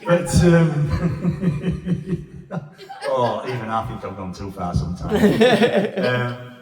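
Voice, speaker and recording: A man's voice: medium pitch, sing-song, slow, crowd noise. A middle-aged man doing a crude, swearing stand-up set on a handheld mic in a pub comedy room. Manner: crude, blunt storytelling with swearing. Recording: echoey pub room from far off.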